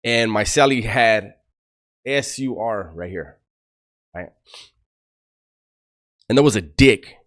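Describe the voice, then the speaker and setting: A man's voice: fairly low pitch, takes it slowly, pauses often, fairly bright tone. A middle-aged man, a former prisoner, giving blunt life advice and rambling prison stories to the camera, swearing freely. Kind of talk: casual storytelling to camera.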